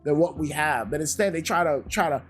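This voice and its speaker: Dude ranting in a review, cussing nonstop, kinda high voice, faint music under it. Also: male voice, brisk. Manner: heavily profane, exasperated. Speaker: YouTube reviewer.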